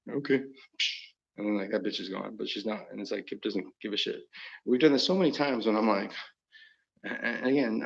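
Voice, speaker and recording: Man on a solo livestream, rambling and profane, lurching from loud to muttered; gravelly, dull lo-fi sound. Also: on the low side, moderate pace, long pauses. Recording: dull lo-fi recording.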